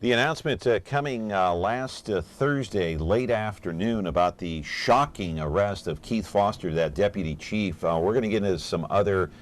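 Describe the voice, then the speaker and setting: A man hosting a live call-in talk show, moving briskly between callers, breaks and video. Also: lowish voice. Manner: brisk, moves the show along.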